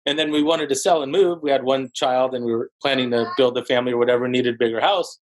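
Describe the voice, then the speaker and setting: A man in his forties, a podcast guest, telling his story in an animated, casual way with many fillers like "like". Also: fast, poor audio. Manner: animated storyteller, heavy use of "like", jumps into higher voices for quotes. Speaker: podcast guest, real estate broker.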